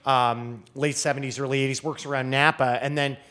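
A man's voice: medium pitch, flat delivery, brisk, sharp tone. A man who is a guest wine expert, talking in a casual podcast chat and telling stories in a rambling way with many fillers. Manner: rambling, lots of fillers and restarts, storytelling.

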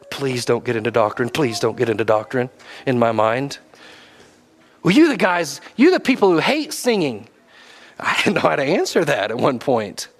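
A man preaching a sermon, swinging between loud exhortation and low, quiet asides. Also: wildly swooping pitch, normal speed.

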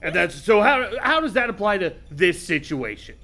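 A man's voice: sits high, very animated, moderate pace, creaky, heavily acted. A man improvising a petulant, whiny airline captain on his first flight in an improv comedy scene. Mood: furious. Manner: whiny, indignant, swings to shouting.

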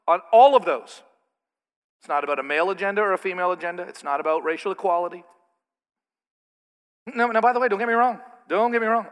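Animated male preacher in a reverberant hall. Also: high-pitched. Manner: animated, with mocking put-on asides. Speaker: pastor. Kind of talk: sermon.

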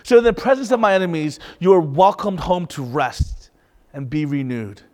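A man's voice: on the high side, animated, moderate pace, darkish tone, in a large hall. A young man preaching a sermon in a conversational way, with rhetorical questions and light laughs. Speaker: pastor.

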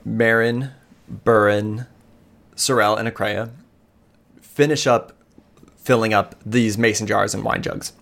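Guy gm-ing a tabletop game, low voice, lots of uhs. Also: steady tone, slow pace, creaky, long pauses, fairly bright tone. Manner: casual, hesitant, many fillers. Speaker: game master.

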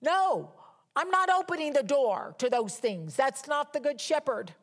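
A woman's voice: high-pitched, very animated, measured pace. Emphatic woman preaching a sermon. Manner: emphatic, repeats key words for stress. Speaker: Bible teacher. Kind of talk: conversational sermon.

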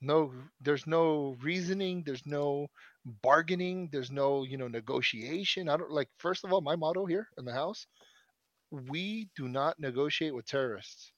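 A man's voice: fairly high pitch, normal speed, dry recording, lo-fi sound. A man in his thirties telling a long story in casual chat, swearing often and restarting his sentences. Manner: profane, rambling storyteller with many restarts.

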